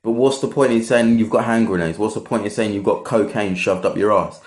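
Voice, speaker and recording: A man's voice: fairly low pitch, a little fast, darkish tone, reverberant. Sweary young man ranting. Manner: blunt, sweary, repetitive. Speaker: event security worker. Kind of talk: ranting vlog monologue.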